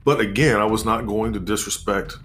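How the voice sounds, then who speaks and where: A man in his forties telling a personal story in a measured, reflective way, pausing and restarting as he goes. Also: on the low side, a bit bright.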